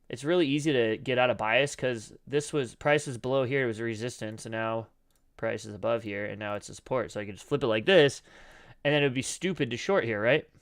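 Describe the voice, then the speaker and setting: A man casually talking through trading charts on a live stream, rambling and loose with the occasional curse word, his voice scratchy and cracking. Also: medium pitch. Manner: rambling, loose and profane, many fillers. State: throat scratchy, clearing it often.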